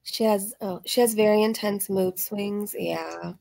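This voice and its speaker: Woman reaction host, mid pitch, chatty and sarcastic, slightly strained voice. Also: steady tone, a little slow, creaky, darkish tone. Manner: chatty, sarcastic, laughs often. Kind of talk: casual reaction commentary.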